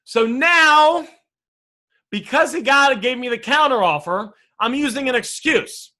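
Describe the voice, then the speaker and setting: A man's voice: very high-pitched, lively intonation, a little slow, bright, forceful tone. A man teaching a casual online negotiation lesson, brash and swearing freely as he keeps talking to his audience as guys. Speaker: sales and negotiation coach.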